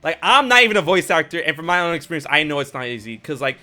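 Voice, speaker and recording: Bright-voiced rambling man host. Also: a little high, sing-song, racing. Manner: rambling, swears, frequent restarts. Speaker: show host. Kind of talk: casual chat. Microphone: streaming mic.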